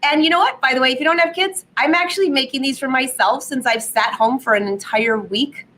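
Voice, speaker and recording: A woman hosting a live sewing vlog from her home studio, slightly hoarse from a cold, chatty and upbeat, laughing at her own jokes. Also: sits high, fairly quick, sharp tone, low-quality recording. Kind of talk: casual live stream chat.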